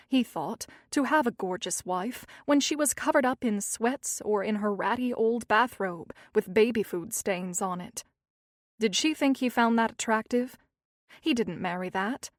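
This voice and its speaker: A woman narrating a thriller audiobook in an even, measured reading style. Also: a little high, dry recording, studio quality.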